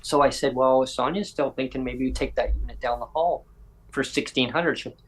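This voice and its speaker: A man hosts a casual podcast chat and tells a story at length. He slips into other people's voices as he quotes them. His voice sits at an ordinary middle pitch. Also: a little fast, rough recording. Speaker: podcast host.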